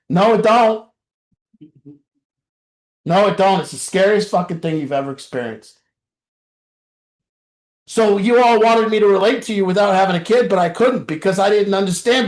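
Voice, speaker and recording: A man addresses a recovery group in a raw, confessional talk, blunt and full of swearing, sinking to near-murmurs and then shouting. His voice sits high for a man. The sound rings around a roomy, echoing meeting room. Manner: blunt and profane, swinging from quiet to shouting. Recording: roomy echo.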